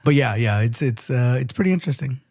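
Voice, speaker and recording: A man's voice: mid-range voice, expressive, fast talker, darkish tone, dry recording, studio quality. A man with a Southern US accent co-hosting a casual relationship chat, joking and laughing often. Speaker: podcast co-host.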